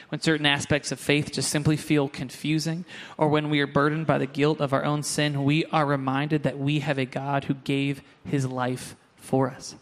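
Man, young adult, pastor, sermon, fairly high voice, joking asides, church. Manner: lively, joking asides to the congregation. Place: church sanctuary.

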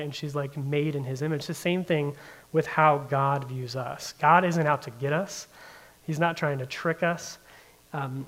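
A man's voice: a little high, fairly bright tone. Casual, filler-heavy young male pastor. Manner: conversational, heavy use of "like" fillers. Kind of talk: casual sermon. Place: in front of a room of listeners.

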